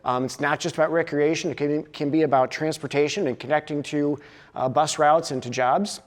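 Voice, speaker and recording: Brisk and steady in tone, a man with a higher-leaning voice works through a conference presentation full of uhs and do-overs, his words echoing with a long reverb tail.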